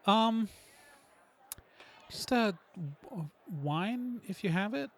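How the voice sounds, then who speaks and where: Casting: high-voiced man, tabletop player, quizzing in character with suspicious, chatty questions. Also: lively intonation, very slow, long pauses. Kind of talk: in-character tabletop role-play.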